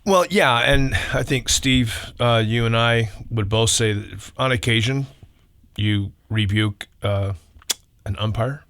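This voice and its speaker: A man co-hosting a Christian talk show, telling stories in a lively, laughing way. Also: mid-range voice, a little slow, no room sound. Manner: animated storyteller, laughs often. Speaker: radio show co-host and baseball coach. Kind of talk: casual storytelling chat.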